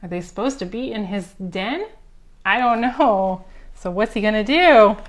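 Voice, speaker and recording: A young woman librarian reading a picture book aloud at a preschool storytime, expressive and talking directly to small children. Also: medium pitch. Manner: slow, expressive, talks to little children.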